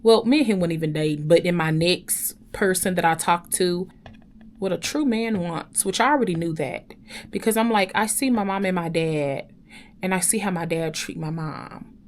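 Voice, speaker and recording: A young woman telling a personal story to her viewers in an animated, chatty way, often calling out to them directly. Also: lowish voice, moderate pace. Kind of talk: casual storytime chat.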